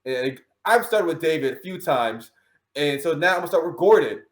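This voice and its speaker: A man's voice: a little high, animated, normal speed. A man hosting a casual chat about music picks, playful and self-mocking. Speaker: host. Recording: roomy echo.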